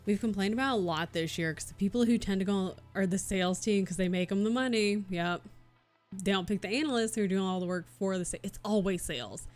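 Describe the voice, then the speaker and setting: Woman streamer, casual chat while crafting, mid pitch, swears freely, soft music underneath. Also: fast. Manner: chatty, swearing, reads out chat. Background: soft background music.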